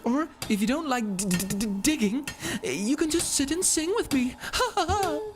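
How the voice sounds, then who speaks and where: A man's voice: very high-pitched, expressive, moderate pace, over music, voice pushed up. A man voicing a cheerful young female miner bug in a put-on British accent, chirpy and sing-song.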